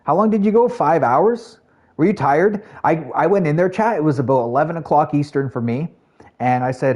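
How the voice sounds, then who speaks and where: A man streaming a shooter game, chatting casually with his viewers in a rambling, filler-heavy way that jumps to excited highs. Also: fairly quick. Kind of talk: casual live-stream gameplay chat.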